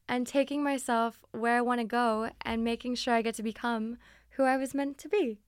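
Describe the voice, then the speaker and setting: Young woman, podcast host, chatty and bubbly, a bit high, smooth, close dry studio mic. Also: steady tone, normal speed, dry recording. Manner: chatty, bubbly, answers listener questions. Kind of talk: casual solo podcast chat. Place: recording studio. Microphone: studio microphone.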